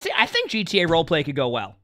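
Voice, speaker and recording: A man's voice: a little high, wildly swooping pitch, rapid-fire, sharp tone, dry recording, studio quality. A man streaming live, rambling casually and talking to his chat. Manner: rambling, chatty, talks to chat.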